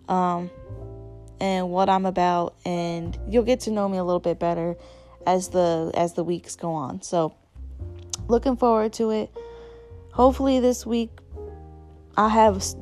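A woman's voice: mid-range voice, normal speed, darkish tone, soft background music. A young adult woman hosting her own podcast, talking candidly and casually about her life with many fillers and restarts. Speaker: podcast host. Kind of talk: casual solo podcast chat.

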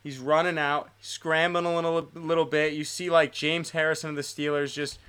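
A young man in his twenties rants through a sports story on a casual podcast, animated and profane. His voice sits somewhat high for a man, and he builds each point up with swearing for emphasis. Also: normal speed, clean tone. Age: 20s. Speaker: podcast co-host.

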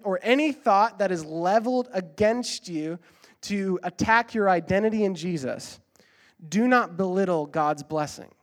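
A male pastor delivering a sermon in a fairly high voice. He preaches earnestly, pressing his points with repetition, and pauses on ums and uhs when he explains a passage. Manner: earnest, emphatic preaching with repeated exhortations; uses fillers like um and uh when explaining.

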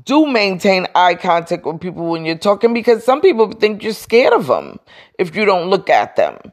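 A woman's voice: mid-range voice, very animated, normal speed. A woman hosting a podcast, giving casual motivational advice in a frank, emphatic way. She repeats her points, talks straight to her listeners and answers her own questions. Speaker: podcast host.

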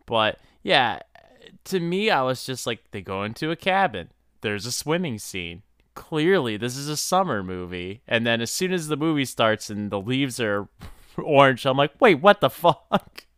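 A man co-hosting a casual podcast, with hesitant restarts and energy that starts high and quickly drops off. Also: big pitch swings, fairly bright tone, smooth, no room sound, clean studio sound. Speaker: podcast co-host. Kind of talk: casual chat.

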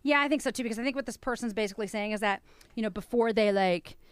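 Woman, radio host, bubbly and jokey, bright high voice, smooth and dry. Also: fast talker, dry recording. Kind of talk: casual on-air chat.

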